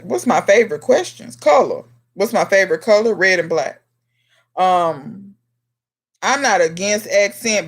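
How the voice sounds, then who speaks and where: A home gardener hosting a casual live question-and-answer stream, chatting straight to viewers by name and scolding them in a teasing way. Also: mid-range voice. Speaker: livestream host and home gardener.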